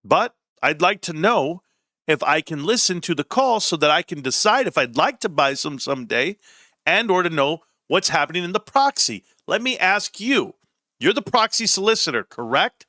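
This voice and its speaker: A man from California ranting casually on a livestream, animated and sarcastic, with frequent swearing. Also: a little high, normal speed, no echo, clean studio sound. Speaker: stock market streamer.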